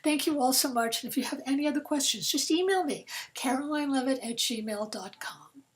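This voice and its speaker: A woman's voice: sits high, brisk, low-quality recording. Earnest woman novelist, sometimes near-whispering. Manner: earnest, drops to soft near-whispers for heavy moments. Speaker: novelist giving a talk. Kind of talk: personal storytelling talk.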